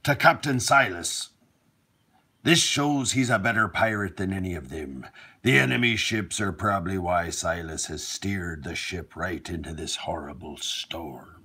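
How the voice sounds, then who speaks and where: A man doing a pirate voice to read a story aloud, slow, low and dramatic. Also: pushed and bright, slightly rough, exaggerated voice. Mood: brooding. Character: gruff male pirate storyteller.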